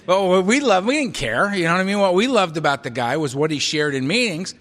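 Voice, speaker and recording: Animated man telling a story in a hall. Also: sits high, a little fast. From United States. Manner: storytelling, animated, self-mocking humor. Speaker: AA speaker. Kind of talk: recovery meeting talk. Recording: hall reverb, live talk recording.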